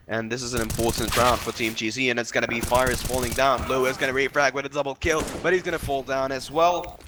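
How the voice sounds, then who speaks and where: A man calls an esports shooter match play-by-play, voice climbing when the action heats up. Game gunfire and clicks run loudly under his commentary on a noisy stream. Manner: excitable, rising pitch on big plays. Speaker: esports caster. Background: game sounds, gunfire.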